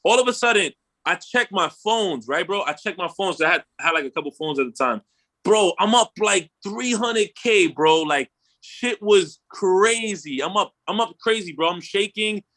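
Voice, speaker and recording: High, bright-voiced man telling a wild story. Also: normal speed. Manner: animated storyteller, slangy, swears, acts out his own quotes. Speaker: podcast host. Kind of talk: casual storytelling chat.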